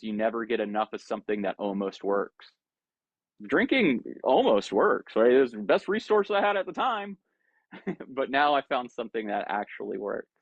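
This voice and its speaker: Man giving a lively dharma talk. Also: fairly low pitch, gravelly, no echo, dull audio. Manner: conversational, animated, acts out inner voices. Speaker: Buddhist teacher. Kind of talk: dharma talk to an online group.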